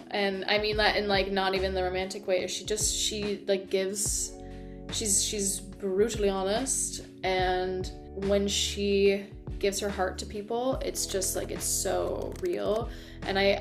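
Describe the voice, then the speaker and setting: A woman voice actress, a guest in a casual interview, talking in an animated, enthusiastic way with lots of fillers. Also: medium pitch. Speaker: voice actor guest.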